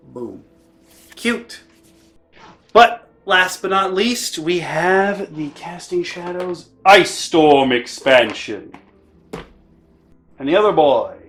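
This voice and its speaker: A man's voice: a little high, a bit bright. A chatty man narrating a board game unboxing in a casual, self-deprecating way, often correcting himself mid-sentence.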